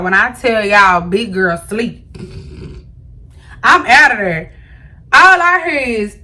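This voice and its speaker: Speaking straight to her viewers, a young woman vlogger tells a storytime tale in an animated, slangy way. Her voice is high and bright.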